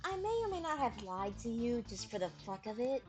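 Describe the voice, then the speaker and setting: A woman's voice: on the high side, big pitch swings, a little fast, music in the background. A woman voicing a sly, carefree female bat thief from a game in an offhand, teasing way.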